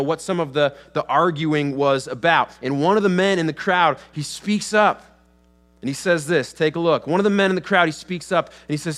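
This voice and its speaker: A male pastor delivering a sermon in a church sanctuary. His voice sits a little high for a man, and he talks in an easygoing, conversational way, often restarting phrases and acting out the people in the story. A faint electrical hum runs underneath the recording. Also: a bit bright. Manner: conversational with frequent restarts and acted-out quotes.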